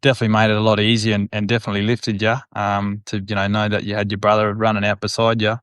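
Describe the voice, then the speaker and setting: Middle-aged Australian ex-footballer, casual guest chat, low and smooth, lots of "you know", dry close mic. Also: male voice, monotone, fast, a bit bright, no room sound. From Northern Territory, Australia. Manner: rambling, leans on fillers like "you know" and "whatnot"; chuckles while telling stories. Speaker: former footballer, podcast guest.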